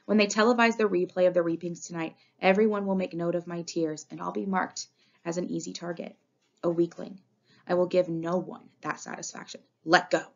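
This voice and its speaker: A woman narrating a novel in the first person with expressive, dramatic reading, on a dull lo-fi recording. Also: on the low side, gravelly. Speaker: audiobook reader. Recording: dull lo-fi audio.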